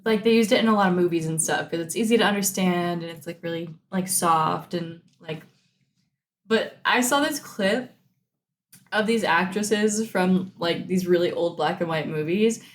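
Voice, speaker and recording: A woman's voice: fairly low pitch, moderate pace, a little hiss or hum. A woman co-hosting a podcast in casual chat, giggly and rambling, saying "like" constantly. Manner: giggly, rambling, heavy use of "like". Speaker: podcast co-host.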